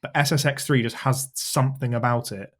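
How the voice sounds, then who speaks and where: A man hosting a gaming podcast, talking enthusiastically in casual chat, sometimes in quick bursts. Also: medium pitch, steady tone, fairly bright tone. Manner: enthusiastic, rapid bursts of chatter. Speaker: podcast host.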